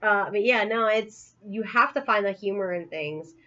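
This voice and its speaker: Female co-host, casual book chat, laughs through her stories, mid-pitched, lo-fi recording. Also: normal speed, bright, forceful tone. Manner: giggly storyteller, laughs often. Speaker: podcast co-host.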